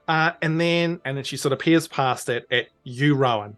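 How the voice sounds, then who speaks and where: A woman game master narrating a tabletop game. She jumps into character voices, filling gaps with ums and quick asides. Soft music plays under her. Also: a bass voice. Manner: animated, voices characters with many fillers.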